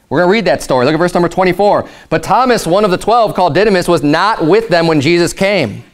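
Male pastor with a high voice, emphatic, animated sermon delivery. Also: fast, few pauses, smooth. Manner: animated, emphatic preaching, acts out quotes.

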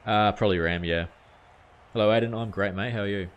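A man's voice: lowish voice, fairly quick, clear, resonant tone, dull audio. A young man chatting casually to viewers on a live game stream, easygoing and full of questions. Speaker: gaming streamer.

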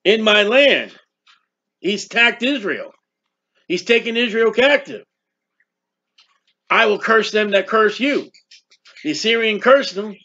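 A man preaching a sermon, reading scripture slowly with emphasis and then explaining in casual asides. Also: high voice, animated, bright, forceful tone. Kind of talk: sermon, Bible teaching. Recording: dull lo-fi recording.

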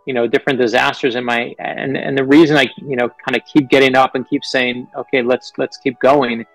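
Middle-aged author from New York, gravelly, earnest interview storytelling, dry close sound. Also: male voice, mid-range voice, dry recording, rough recording. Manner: earnest, animated storyteller, quotes people in his stories. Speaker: author guest.

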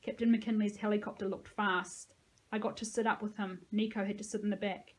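A woman teacher reading a novel aloud with steady, expressive storytelling. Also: mid-range voice, fairly quick, rough recording.

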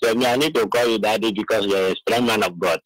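A man's voice: lowish voice, fast, no echo. A man from Akwa Ibom with a Nigerian Pidgin English accent, calling in on a phone line and heaping rambling praise on the host. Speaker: caller. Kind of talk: phone-in call.

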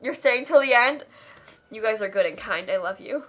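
A woman's voice: on the high side, expressive, moderate pace, fairly bright tone. A tired young woman streamer on a live charity stream, reading donation messages aloud and gushing thanks, laughing on the edge of tears. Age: young adult.

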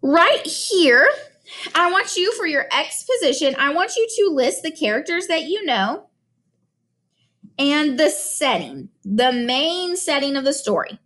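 Woman, teacher, reading aloud to students, expressive, chatty, lively pitch. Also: a little slow.

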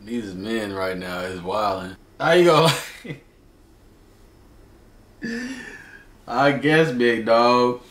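A man's voice: medium pitch, expressive, slow, a bit bright. Laughing man reacting in a roomy space. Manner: loose, laughing, slangy. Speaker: reaction video host. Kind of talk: casual reaction commentary. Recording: echoey room with faint noise.

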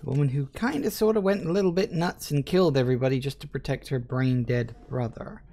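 A man's voice: mid-range voice, fast, mellow. Chatty English Midlands man streaming a game. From England. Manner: chatty, joking, answers chat aloud. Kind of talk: casual live-stream commentary.

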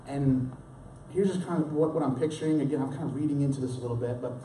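A mellow, medium-pitched pastor, young adult or middle-aged, delivers a sermon fast with fairly even intonation. The distant mic in the roomy church hall catches slight background noise as he speaks conversationally, restarting often and performing the story's quotes dramatically.

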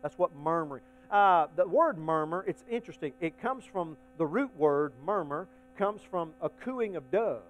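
A male pastor preaching a folksy sermon to his congregation, swinging between hushed asides and loud, emphatic points. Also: a little high, expressive, normal speed, hardly any pauses, low-quality recording. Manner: folksy, addresses the congregation as y'all.

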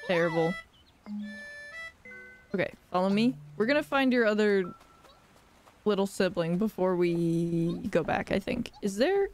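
A young woman live-streaming a game playthrough, playful and giggly, reacting out loud. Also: on the low side, expressive, a little slow, long pauses, soft background music.

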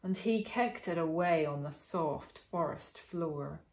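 Female children's storyteller, unhurried, low-pitched, rhythmic reading. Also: roomy sound. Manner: rhythmic, expressive rhyming narration.

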